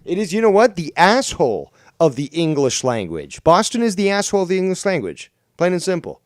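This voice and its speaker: A man's voice: sits high, very animated, brisk, no room sound, clean studio sound. A man hosting a casual podcast, ranting in a crude, sarcastic way. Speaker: podcast host.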